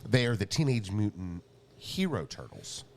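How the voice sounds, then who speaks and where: A man's voice: on the low side, big pitch swings, moderate pace. A man co-hosting a podcast, chiming in with short teasing remarks in casual chat. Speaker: podcast co-host.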